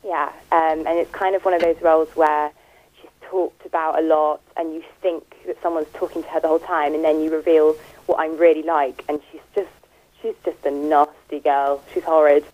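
A young British actress chatting in an interview, giggly and full of ums, heard over a phone line. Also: female voice, low-pitched, flat delivery, normal speed. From Britain. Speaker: actress guest. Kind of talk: casual interview. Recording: tinny phone-line radio sound.

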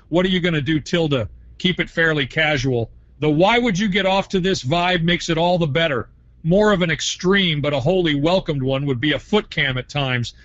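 A man calling into a show and reading a prank text in a flat, recited way. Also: high voice, no echo, muffled recording.

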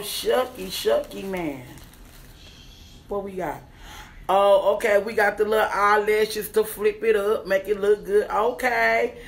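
Slow-talking excitable woman comedian. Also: fairly high pitch. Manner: loud, excitable, profane, sing-song repeating. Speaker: comedian and businesswoman. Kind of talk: casual unboxing livestream.

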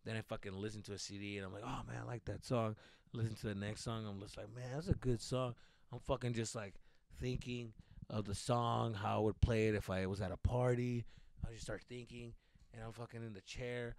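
A man's voice: fairly low pitch, level tone, a little fast, a little mellow, dry recording. A man hosting a podcast, telling rambling, profane stories from home in a casual way. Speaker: podcast host. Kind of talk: casual storytelling.

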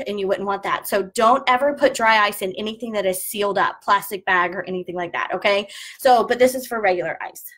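A woman's voice: mid-range voice, fairly bright tone. A woman, a former flight attendant chatting casually through an unboxing review and sharing travel tips. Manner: chatty, jokey, explains tips.

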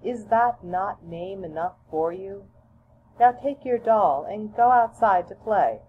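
A soft-spoken storybook mother, gentle yet dismissive, as the woman reading puts her on. She speaks slowly, over tinny phone-like audio with faint hiss. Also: mid-range voice, lively intonation, voice pushed up.

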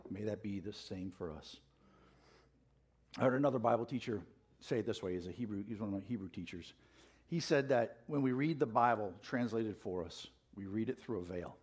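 A man delivers a church sermon with mounting passion. His voice carries a husky, slightly breathy grain at an ordinary middle pitch. He calls questions out to the congregation and drives his points home. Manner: passionate, fired-up preaching with call-and-response. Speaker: preacher. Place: church sanctuary.

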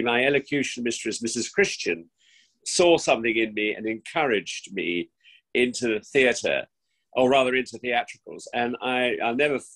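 A man's voice: mid-range voice, a bit bright, poor audio. A man in his sixties, an actor from England's West Country, chatting effusively and theatrically as an interview guest, with frequent restarts. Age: 60s. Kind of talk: remote interview chat. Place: home during lockdown.

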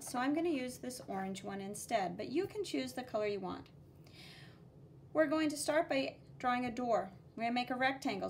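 A woman teacher giving a slow, gentle, step-by-step drawing lesson for young children, counting out the shapes as she draws. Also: on the high side, a little hiss or hum.

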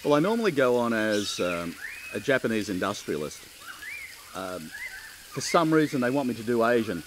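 A middle-aged man with an Australian accent, giving chatty, relaxed interview answers and laughing easily. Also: on the low side, background noise. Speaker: keynote speaker.

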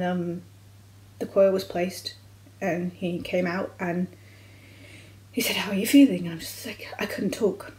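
A woman's voice: mid-range voice, darkish tone, low-quality recording. Woman telling a frank personal story. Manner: candid and halting, with restarts. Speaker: vlogger.

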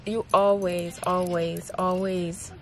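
A woman's voice: fairly low pitch, flat delivery, takes it slowly. A young woman vlogger talking to her partner in a heartfelt, gushing way, with noise around her. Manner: heartfelt, gushing, many likes. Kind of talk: emotional casual vlog talk.

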